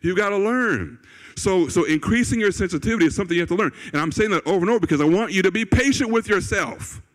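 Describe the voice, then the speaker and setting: A man's voice: high-pitched, expressive, quick pace. A man, a pastor, preaching a sermon in a church in a conversational way, repeating phrases for emphasis and often checking in with "right?" or "okay?". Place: church sanctuary. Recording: long reverb of a church hall.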